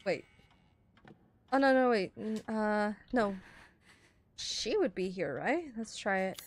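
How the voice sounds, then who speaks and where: A woman's voice: medium pitch, lively intonation, takes it slowly, slight background noise. A woman commentating a horror video game as she plays, jumpy and chatty, talking both to the game and to her viewers. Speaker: gaming streamer.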